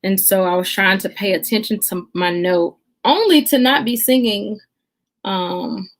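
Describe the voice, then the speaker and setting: A young woman hosting a casual livestream, chatting and greeting viewers by name with lots of filler pauses. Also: mid-range voice. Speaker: livestream host.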